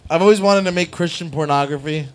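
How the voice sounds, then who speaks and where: A man's voice: fairly high pitch, fast. A man hosting a live stream show, riffing on crude comedic bits with lots of fillers and laughter. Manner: rambling, laughing, filler-heavy. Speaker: host.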